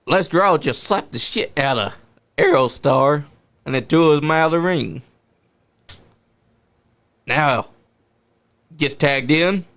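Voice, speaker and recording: A man with a fairly high voice hosts a casual wrestling watch party. He jokes with his co-hosts and calls out the moves as they happen. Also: takes it slowly, pauses often, fairly bright tone. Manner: joking, calls the action as it happens. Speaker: host.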